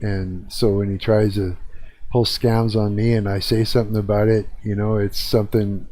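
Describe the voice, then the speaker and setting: A man's voice: lowish voice, level tone, normal speed, mellow. A middle-aged man, ranting in a rambling, profane way on a live stream from his apartment. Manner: rambling, profane, agitated complaining. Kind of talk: casual rant. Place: own apartment.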